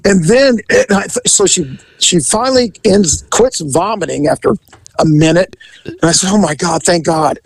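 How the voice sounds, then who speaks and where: High-voiced, gravelly man telling a wild story. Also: moderate pace, rough recording. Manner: animated storyteller, acts out voices, laughs often. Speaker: podcast host telling a story. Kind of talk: casual storytelling.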